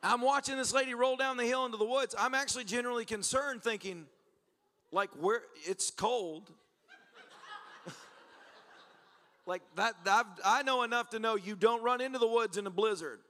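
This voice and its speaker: In a church service, a male pastor animatedly narrates stories, laughing and performing the dialogue himself. His voice is extremely high in pitch and he talks fairly quickly.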